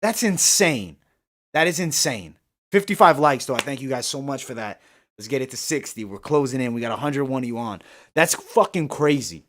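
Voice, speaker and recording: A man hosts a fight-night livestream in a brisk, expressive, mid-range voice that's a bit bright. He reads viewer comments, replies to them, and rages about the judging with lots of swearing.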